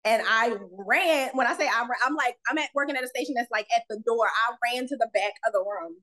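A woman with a notably high voice tells workplace stories in an animated, casual way. She laughs often and slips into acting out the lines of the people in her stories. She sounds like a young adult guest chatting on a podcast. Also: fast, rough recording. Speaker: autopsy technician guest. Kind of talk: casual storytelling in a podcast interview.

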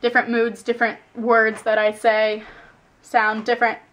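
A woman's voice: a little high, monotone, moderate pace, a bit bright. A young woman chatting casually in a home vlog, rambling from topic to topic and drifting in and out of put-on accents. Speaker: vlogger. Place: at home indoors.

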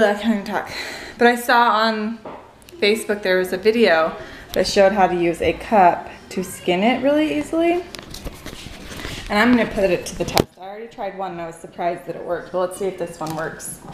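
A woman's voice: medium pitch, roomy sound, a little hiss or hum, low-quality recording. A young woman vlogging casually at home, chatty and giggly, with lots of filler words. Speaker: family vlogger. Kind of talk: casual family vlog. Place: busy family home with children.

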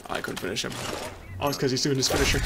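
Gravelly, panicky gameplay commentator man. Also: mid-range voice, heavy background noise. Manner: excitable, panicky, mutters to himself. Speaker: gameplay streamer. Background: loud gunfire from the game.

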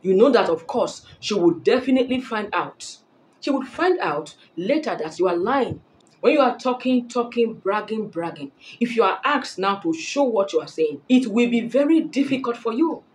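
A woman's voice: fairly high pitch, lively intonation, normal speed, slight background noise, rough recording. A woman giving blunt dating advice straight to camera, emphatic and preachy, repeating her points for stress. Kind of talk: direct-to-camera advice talk.

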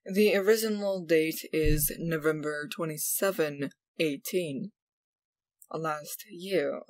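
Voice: medium pitch, takes it slowly, dry recording, poor audio. A channel host chatting casually to viewers in a vlog, hesitant and stumbling over restarts.

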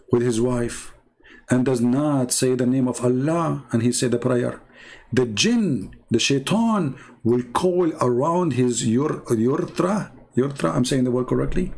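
A man speaking imperfect English in a sarcastic, animated commentary monologue as a religious debater. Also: medium pitch, vocal fry. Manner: non-native English with slips.

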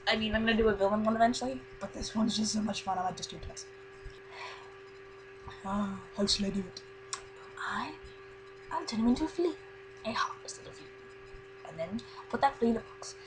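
A woman's voice: a little high, noisy background, lightly acted. A woman voicing a scheming elderly female cartoon villain, hammy and cackling.

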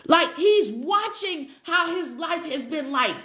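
A woman doing a live tarot reading, excitable, gasping and thanking viewers as she goes. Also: very high-pitched, slow. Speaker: tarot reader. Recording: echoey room.

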